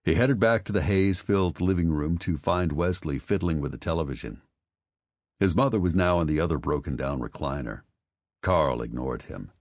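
A man narrating an audiobook in a measured, steady way. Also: rumbling low, dry recording, studio quality. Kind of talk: scripted narration.

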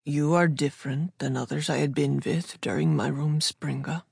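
A woman voicing a gentle Amish farmer man with a slight German accent, speaking in a firm, measured way. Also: low voice, fairly even intonation, gravelly, breathy edge, no room sound, studio quality, heavily acted. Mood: steady.

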